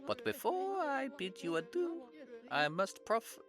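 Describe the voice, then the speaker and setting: A woman's voice: a little high, big pitch swings, unhurried, faint music behind, voice pushed up. A woman voicing a suave male prophet with showy French flair, reading game dialogue aloud with smug theatrics.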